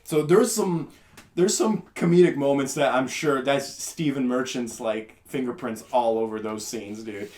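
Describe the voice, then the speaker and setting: A man's voice: mid-range voice, measured pace, darkish tone. A young man hosting a podcast, chatting casually in a rambling, laid-back way. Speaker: podcast host. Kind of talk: casual chat.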